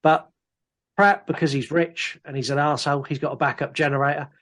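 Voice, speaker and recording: A man's voice: fairly high pitch, a little fast. A man co-hosting a podcast, retelling scenes animatedly in casual chat. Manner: animated retelling, acts out lines from the film. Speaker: podcast co-host.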